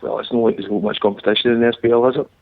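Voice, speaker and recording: A man's voice: mid-range voice, fairly even intonation, racing. A man calling a football phone-in, answering in short, offhand bits. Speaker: caller. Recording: tinny phone line from a distance.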